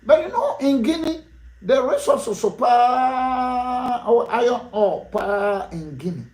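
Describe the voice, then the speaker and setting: A man's voice: very high-pitched, sing-song, slow pace, a little mellow, reverberant. A man with a Ghanaian accent giving impassioned, rhetorical interview answers, often laughing between points. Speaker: political guest. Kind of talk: impassioned interview answers mixing Twi and English.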